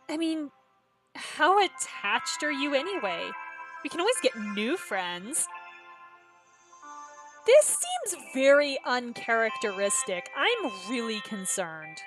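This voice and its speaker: A woman voicing a young girlfriend turned cold and sinister, speaking calmly with a sweet menace. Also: high voice, slow, music in the background, exaggerated voice, poor audio. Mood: worried.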